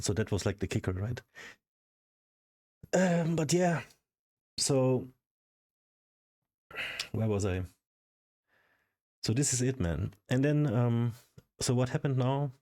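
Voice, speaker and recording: A man's voice: lowish voice, dark tone. A man vlogging in a casual, frustrated rant full of swearing. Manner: frustrated, profane ranting. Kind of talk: casual ranting vlog.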